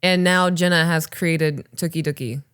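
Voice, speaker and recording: Low-voiced woman podcast host telling stories. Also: moderate pace, smooth. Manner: animated storytelling, swears casually. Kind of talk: casual chat and story reading.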